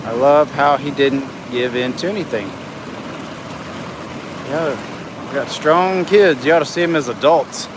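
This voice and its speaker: A man's voice: mid-range voice, measured pace, pauses often. Chatty middle-aged man filming outdoors. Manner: chatty, reads out viewer comments and narrates what he sees. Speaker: livestream host. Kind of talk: casual live-stream chat. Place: outdoors by a beach inlet. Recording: outdoor noise in the background.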